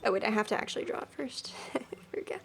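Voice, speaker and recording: A woman's voice: a little high, very animated, fast, vocal fry, soft background music. A woman streaming a game, making playful, giggly asides, often half-whispered. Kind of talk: let's-play commentary.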